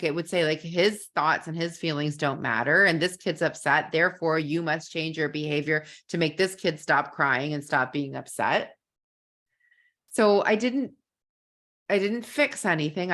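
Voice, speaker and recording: A woman's voice: lowish voice, fairly bright tone. A woman who teaches kindergarten, earnestly telling a story in a live parenting masterclass and repeating words as she thinks.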